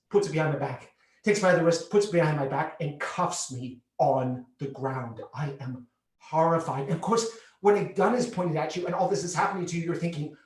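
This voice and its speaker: A man performing a solo theatre piece, telling his own story with vivid, expressive delivery. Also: fairly high pitch. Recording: roomy theatre heard from a distance.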